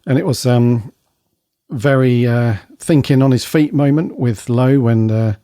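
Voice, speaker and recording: Male podcast co-host, mellow voice, dry jokey asides, close dry sound. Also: mid-range voice, unhurried, no echo. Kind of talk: casual review chat.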